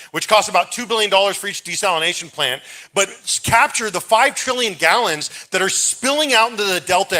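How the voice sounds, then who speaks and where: Fast, urgent bright-voiced man. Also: high-pitched. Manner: rapid, filler-heavy, urgent. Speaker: candidate in a debate. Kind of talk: campaign debate answer.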